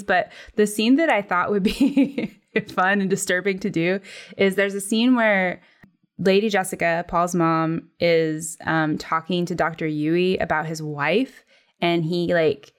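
Giggly woman hosting on a video call. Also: fairly low pitch. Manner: laughs often, halting explanations. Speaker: podcast host. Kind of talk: casual chat on a video call.

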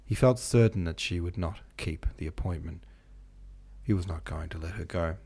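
A man with a very deep voice narrates a classic novel for an audiobook. His reading is steady and measured throughout. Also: husky. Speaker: audiobook narrator and podcast host.

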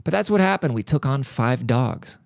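A man's voice: medium pitch, moderate pace, creaky, no room sound, clean studio sound. A middle-aged man hosting a podcast, telling a rambling, profane story in a casual monologue. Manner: rambling, profane, animated asides. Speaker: podcast host.

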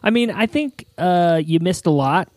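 A man hosting an improvised comedy quiz, asking questions with slow, drawn-out phrasing and chuckling between lines. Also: sits high, lively intonation, a little mellow, no echo. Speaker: quiz host.

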